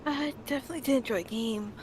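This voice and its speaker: A woman player giving halting, thoughtful comments after a tabletop game session. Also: on the high side, background noise. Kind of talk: casual chat.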